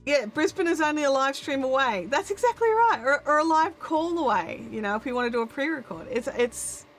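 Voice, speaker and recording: A woman's voice: high-pitched, lively intonation, a little fast, soft background music. A woman with an Australian accent hosting a live stream, chatting casually to viewers in a rambling way with lots of restarts, on a good microphone. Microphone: good studio microphone.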